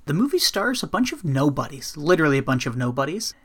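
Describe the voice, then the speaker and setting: A man co-hosting a casual movie podcast, relaxed and conversational, with occasional laughs. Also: fairly high pitch, quick pace, husky. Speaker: podcast co-host. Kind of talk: casual chat.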